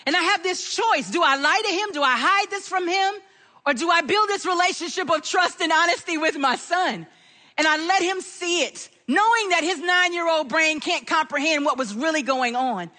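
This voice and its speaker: High, bright-voiced woman preaching. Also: moderate pace. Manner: animated, acts out quoted voices in her story. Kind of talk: sermon with personal storytelling.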